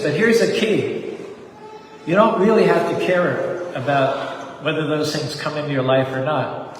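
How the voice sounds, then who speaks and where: A man in his seventies preaches earnestly, his voice sitting a little high for a man. He is heard from some distance in a big, echoing hall with long reverb. A faint hiss sits underneath. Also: steady tone, unhurried. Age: 70s. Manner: earnest, exhorting, leads chants. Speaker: temple preacher. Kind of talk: sermon with rap and call-and-response chanting. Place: temple hall. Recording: echoey hall from far off, faint noise.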